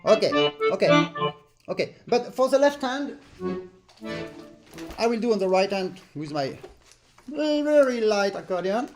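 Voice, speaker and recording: A man's voice: high-pitched, animated, a little slow, pauses often, darkish tone, faint music behind. A man, teaching accordion technique over a video call. He explains patiently and sings out rhythms in short syllables to demonstrate. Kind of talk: online master class instruction.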